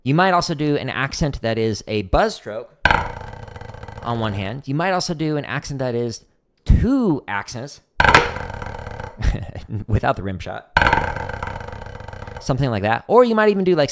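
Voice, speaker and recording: In a very noisy recording, a man with a mid-range voice hosts a casual livestream drum lesson. He explains technique while demonstrating it, frequently saying "like."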